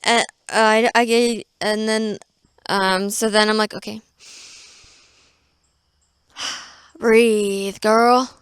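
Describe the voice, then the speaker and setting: A woman's voice: mid-range voice, fairly even intonation, slow, fairly bright tone, clean tone, no echo, clean studio sound. A woman hosting a devotional podcast, reading scripture aloud and then retelling it in a chatty, playful way. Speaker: podcast host.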